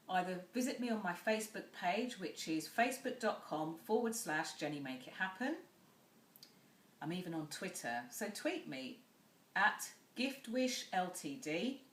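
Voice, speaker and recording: A woman with a low voice gives advice to camera as a communication coach. She talks directly and instructively, addressing her viewers. The room around her sounds echoey.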